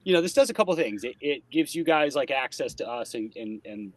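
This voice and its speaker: A man co-hosting a podcast in relaxed casual chat, sick, hedging his words with easygoing fillers. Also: mid-range voice, a little fast, dry recording. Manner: laid-back, hedging with fillers. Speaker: podcast co-host.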